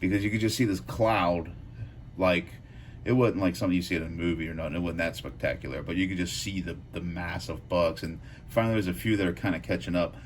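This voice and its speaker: Man with a very low voice, casual and profane knife-channel storyteller who rambles. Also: fast, slight background noise. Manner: loose, profane, rambling with frequent fillers.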